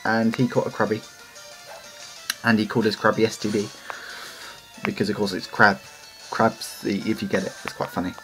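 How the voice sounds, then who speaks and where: A man's voice: fairly low pitch, rough recording. A man with an English accent giving casual, rambling commentary over his gameplay and drifting into side stories. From England. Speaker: let's play commentator.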